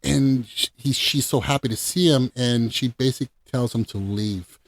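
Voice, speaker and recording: A man's voice: mid-range voice, moderate pace. A man hosting a casual film review podcast, talking enthusiastically and emphatically. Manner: enthusiastic, emphatic, laughs easily. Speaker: podcast host.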